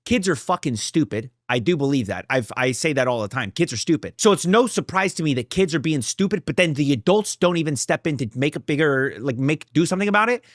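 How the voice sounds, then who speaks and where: A man's voice: animated, quick pace, hardly any pauses, no room sound, studio quality. Young man swearing through a heated reaction. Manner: profane, heated and emphatic, swings between loud outbursts and low muttering. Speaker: reaction video creator. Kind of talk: casual reaction commentary.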